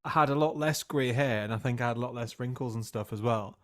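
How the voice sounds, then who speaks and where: A man's voice: mid-range voice, fast talker. A man in his thirties, a podcast host and teacher, telling self-mocking stories in casual chat. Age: 30s. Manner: self-mocking anecdotes, laughs often.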